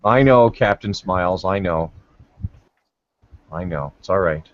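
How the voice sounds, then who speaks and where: A man's voice: low-pitched, unhurried. A man hosting a casual online debate chat, joking crudely and rambling, heard over a video call. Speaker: hangout host. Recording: dull lo-fi call audio.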